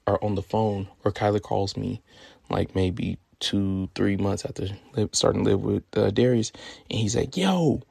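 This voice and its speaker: A man from California in his twenties, telling a personal story in a profane, animated way. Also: fairly low pitch, normal speed, vocal fry, slightly rough, no echo, clean studio sound.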